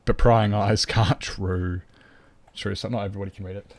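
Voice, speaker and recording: A man's voice: lowish voice, fairly even intonation, moderate pace, a crowd in the background. A man streaming a game live, chatting loosely with viewers and rambling to himself. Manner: rambling, chatty, greets viewers, talks to his cat. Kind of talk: casual live-stream chat.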